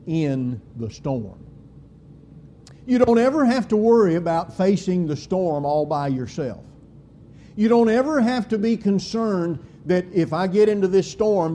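Slow, mellow preacher man. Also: slight background noise. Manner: slow, deliberate preaching with emphatic swings in pitch and volume. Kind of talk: sermon.

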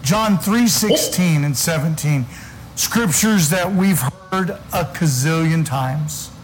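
Slow, high-voiced preacher man. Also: animated, soft background music, rough recording. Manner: preaching with slow, weighty emphasis and scripture reading. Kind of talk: sermon.

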